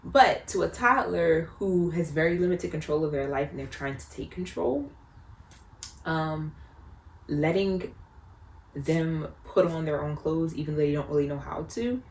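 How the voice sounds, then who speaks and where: Low-voiced woman giving earnest parenting advice. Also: a little slow. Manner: earnest, reflective, repeats phrases for emphasis. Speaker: parenting vlogger, mother. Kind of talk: casual advice talk to camera. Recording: roomy echo, faint background noise.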